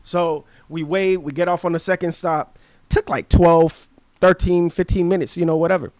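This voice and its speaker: A man in his thirties with a fairly high voice, spinning a slangy, animated story for his podcast. The sound is dry and close, with no room ring. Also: moderate pace, no room sound. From Brooklyn, New York. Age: 30s. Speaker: podcast host. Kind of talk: casual storytelling.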